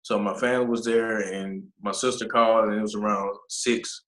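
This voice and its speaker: A man, a nonprofit founder, telling a personal story in an interview, halting and pausing often with fillers. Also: on the low side, fairly even intonation, fairly bright tone, reverberant, rough recording. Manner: halting, with many pauses and fillers.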